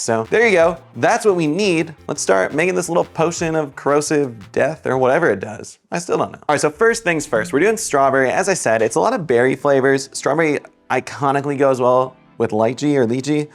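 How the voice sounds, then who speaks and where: A man's voice: a little high, vocal fry. Chatty man hosting a cocktail tutorial. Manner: chatty, upbeat, self-deprecating. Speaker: bartender and host.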